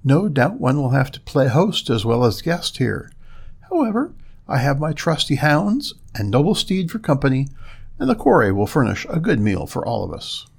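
A man's voice: medium pitch, big pitch swings, moderate pace, creaky, darkish tone, husky, full character voice. A man voicing a brave, courteous young prince who speaks in formal, old-fashioned words. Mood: musing.

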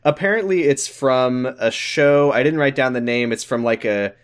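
A man co-hosting a casual podcast, recapping a TV episode in a halting, wry way and acting out the characters' lines. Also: mid-range voice, clean tone. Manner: hesitant, restarts, acts out characters' lines. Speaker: podcast co-host.

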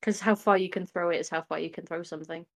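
A woman running a tabletop game as game master, relaxed and thinking aloud as she makes rulings. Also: lowish voice, fast talker.

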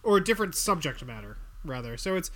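Man, podcast co-host, high bright voice, deadpan jokes. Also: fast. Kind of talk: casual chat.

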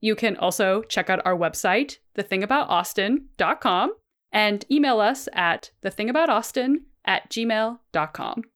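A woman's voice: mid-range voice, animated, a little slow, a bit bright. Woman explaining a literary allusion. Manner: explanatory, reads quotes aloud. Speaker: podcast co-host. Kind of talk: casual literary discussion.

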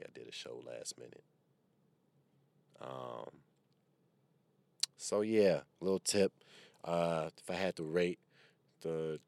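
A man with an extremely deep, low-pitched voice talks loosely into a microphone from his parked car. He rambles and wisecracks in a casual, profanity-laced monologue, like a comedian riffing on his own podcast. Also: fairly bright tone.

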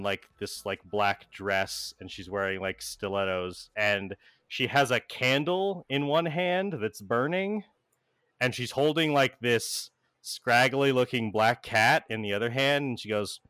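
A man's voice: lowish voice, a little slow, fairly bright tone, smooth, dry recording. A man narrating a tabletop role-play game as game master, rambling and full of filler words.

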